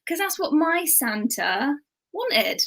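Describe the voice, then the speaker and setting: A woman's voice: sits high, very animated, slow pace, a bit bright. A woman comedian with a Bristolian accent, chatting as a guest over a video call, laughing often and using casual slang. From England. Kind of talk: casual chat show interview.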